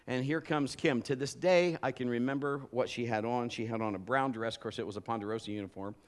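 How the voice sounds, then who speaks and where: A man's voice: mid-range voice, fast. A male pastor preaching a sermon and telling stories with humor and energy. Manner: animated, humorous storytelling.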